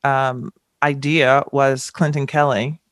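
A middle-aged woman from the American South, a guest in an interview, telling stories candidly and acting out quotes with sudden jumps in pitch. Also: slow pace, dry recording, studio quality. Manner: animated, acts out quotes with pitch jumps and laughter. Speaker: guest, chef and TV personality.

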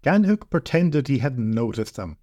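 A man narrating a first-person fantasy story in a measured, reflective way. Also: medium pitch, very animated, dark tone, no room sound. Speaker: podcast narrator.

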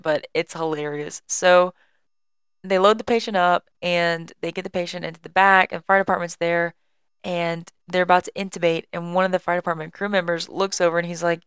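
A woman's voice: lowish voice, fairly bright tone, clean tone, dry recording. A young woman hosting a podcast from home, casually and chattily telling a work story and apologizing. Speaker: podcast host and EMS worker. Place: at home on a couch.

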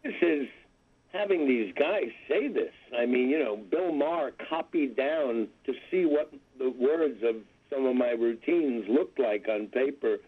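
A man's voice: medium pitch, lively intonation, unhurried, slightly rough. Older man in his seventies, wry and rambling, phone-in guest, tinny telephone sound. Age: 70s. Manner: wry, rambling, self-deprecating asides. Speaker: guest comedian. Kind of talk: phone-in interview chat.

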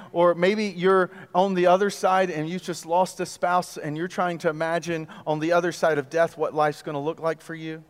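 High-voiced preacher in a reverberant hall. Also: male voice, steady tone, clean tone. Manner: conversational preaching, rhetorical questions, dramatic pauses. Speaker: pastor. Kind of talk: sermon.

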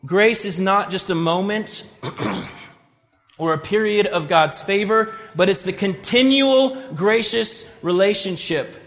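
Male preacher, high voice, lively storytelling sermon delivery, long hall reverb. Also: slow pace. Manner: conversational preaching, retells scripture dramatically. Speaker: pastor.

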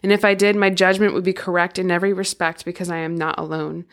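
A calm, authoritative male teacher speaks in scripture reading, voiced by a woman reading him plainly. The delivery is even and measured, set a little low. It stays steady and unhurried throughout. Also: close to an everyday voice. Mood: solemn.

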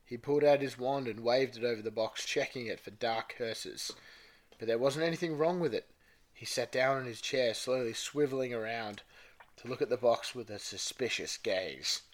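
A man co-hosting a podcast reads fanfiction aloud. His voice sits at a middle pitch. He keeps a light, playful tone. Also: normal speed. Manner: playful, breaks into laughter while reading. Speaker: podcast co-host.

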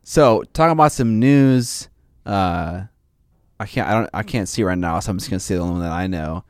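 A man's voice: deep voice, animated, moderate pace, no room sound, clean studio sound. A man co-hosting a podcast in casual chat, rambling and jokey, with lots of fillers. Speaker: podcast co-host.

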